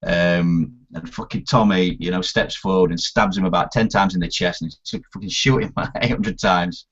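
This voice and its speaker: A man, talking casually and with real excitement about films. His voice is low and husky, and he swears freely as he acts out scenes. The recording sounds dull and lo-fi. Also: normal speed. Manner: animated, swears a lot, acts out film scenes. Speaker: podcast co-host. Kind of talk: casual film chat.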